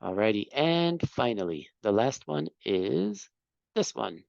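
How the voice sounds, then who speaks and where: A man's voice: fairly low pitch, big pitch swings, takes it slowly, vocal fry, a little mellow, dry recording, dull audio. A man teaching an English class, patiently explaining grammar and correcting students.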